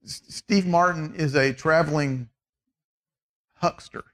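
A man's voice: on the high side, slow pace, fairly bright tone. A middle-aged man teaching a Bible class in a conversational way, often asking the group questions.

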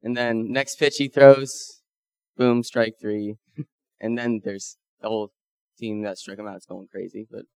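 A man's voice: fairly low pitch, measured pace, clean tone, no echo. A man casually telling a group about a mission trip, acting out the people he quotes. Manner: animated, acts out quoted dialogue. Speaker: mission trip member sharing photos.

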